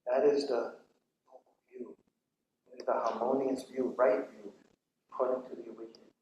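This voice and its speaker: Male monk, relaxed talk-style sermon, mid-range voice, recorded with hall echo. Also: mid-range voice, a little slow, dull audio, slight background noise. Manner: conversational storytelling, many "right?" asides. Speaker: Buddhist monk giving a retreat talk. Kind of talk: dharma talk. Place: temple hall during a retreat.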